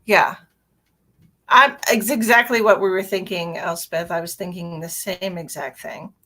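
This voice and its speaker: A woman's voice: fairly low pitch, fairly even intonation, a little slow, bright, forceful tone. A woman hosting a psychic livestream, chatting casually, ranting with swearing and answering viewer comments.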